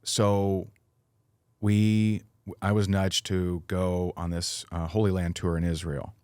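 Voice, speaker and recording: A deep, low-voiced middle-aged man recounting a personal story on a podcast. He talks earnestly and with feeling, full of "you know" and restarts. The sound is close and dry, with no room echo. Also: little pitch movement, slow pace, a little mellow, clear, resonant tone. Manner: earnest, emotional storytelling with many fillers and restarts. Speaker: podcast guest.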